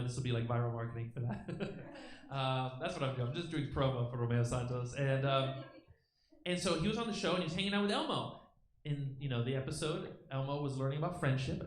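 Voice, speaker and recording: A man's voice: medium pitch, fairly bright tone, echoey room, rough recording. A man hosting a stand-up comedy show, telling a loose, conversational set and teasing the crowd on a theater stage.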